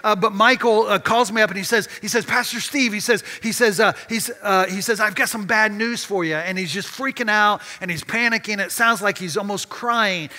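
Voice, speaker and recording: A man, a pastor, preaching a sermon and telling a story with lively restarts and repeated words. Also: high-pitched, fairly quick, hardly any pauses, long reverb tail. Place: church sanctuary.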